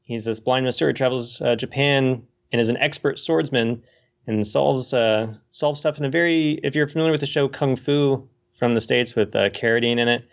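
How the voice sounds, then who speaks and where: A man co-hosting a casual podcast about films, explaining in a rambling, hesitant way with many pauses. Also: mid-range voice, creaky, dull audio. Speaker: podcast co-host.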